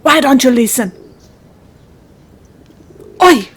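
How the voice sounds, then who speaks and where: A woman voicing a bossy, territorial park bird that shouts and scolds other animals off its patch. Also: high voice, lively intonation, slow, slightly rough, exaggerated voice. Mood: scolding.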